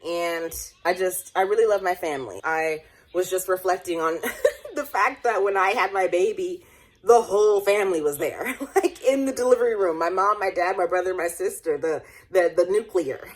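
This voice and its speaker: A woman's voice: on the low side, normal speed. A woman in her late twenties talking in a personal, reflective vlog at home. She rambles with many restarts, laughs often and comes close to tears. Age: late 20s. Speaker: vlogger.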